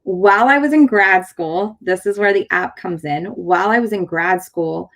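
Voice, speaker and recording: Medium in pitch, a bit bright, and moderately paced, this voice belongs to a chiropractor in her thirties from San Diego, California, who hosts a show. She relates a personal story casually, dramatizing the dialogue and leaning on many fillers and restarts.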